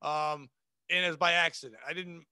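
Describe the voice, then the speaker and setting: A man's voice: fairly high pitch, fairly even intonation, normal speed, bright, forceful tone, smooth, no room sound. A man in his forties, a comedian guest telling profane, brash stories in a casual podcast chat. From New England. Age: 40s.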